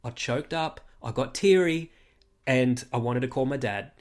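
A man co-hosting a casual podcast chat, animated and telling stories with quoted voices. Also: mid-range voice, a little slow. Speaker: podcast co-host.

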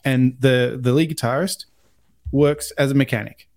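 Gravelly Australian man, casual swearing. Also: mid-range voice, fairly even intonation, moderate pace, darkish tone, no room sound, studio quality. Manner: swears freely, laughs often. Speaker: podcast co-host. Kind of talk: casual chat. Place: lives abroad in the US.

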